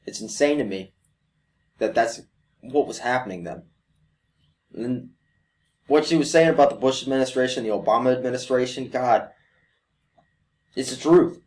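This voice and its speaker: A man's voice: mid-range voice, expressive, moderate pace, pauses often, a little mellow. A young man hosting a reaction video, ranting emotionally with lots of swearing and mocking impressions. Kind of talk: profane ranting commentary. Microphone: desk USB mic.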